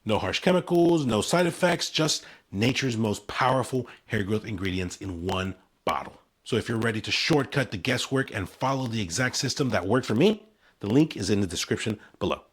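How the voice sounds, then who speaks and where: A man's voice: on the low side, expressive, normal speed, breathy edge. A man in his forties delivers a scripted promotional talk straight to camera. He speaks in short, punchy, emphatic phrases with an upbeat sales energy, like a vlogger selling his own product. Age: 40s.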